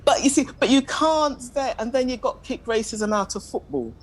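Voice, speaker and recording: A woman speaking as a panelist in a discussion, measured and questioning, often admitting she is ready to be corrected. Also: on the high side, a crowd in the background, low-quality recording. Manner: measured, questioning, self-deprecating.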